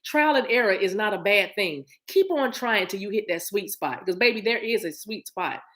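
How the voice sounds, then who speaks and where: A middle-aged woman gives a loose, chatty spiritual card reading at a moderate pace. She's animated and encouraging, acting out scenes with hums and small sounds, her voice at a typical female pitch.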